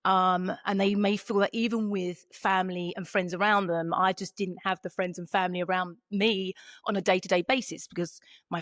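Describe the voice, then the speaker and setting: A woman's voice: on the low side, no echo, studio quality. A woman from Europe hosting a casual parenting podcast, rambling along with frequent ums and restarts. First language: not English. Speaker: podcast host.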